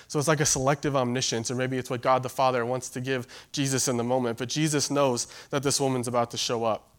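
A man preaching a sermon in a relaxed, conversational way, with fillers and asides to the congregation. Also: mid-range voice. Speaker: pastor.

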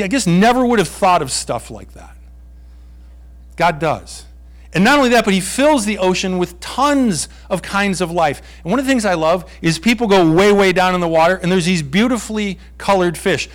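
Playful preacher man, higher voice. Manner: playful, acts out voices of God and Job. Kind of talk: sermon.

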